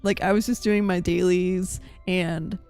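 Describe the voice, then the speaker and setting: A woman's voice: on the low side, steady tone, a little slow, a little mellow, clean tone, soft background music. A woman streamer chatting casually over gameplay, giggly and rambling with lots of fillers. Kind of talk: casual live-stream chat.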